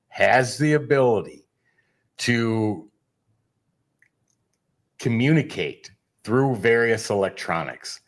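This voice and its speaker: Low-voiced male guest; measured, lecturing explainer on a podcast. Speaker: guest researcher. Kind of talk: explanatory interview talk.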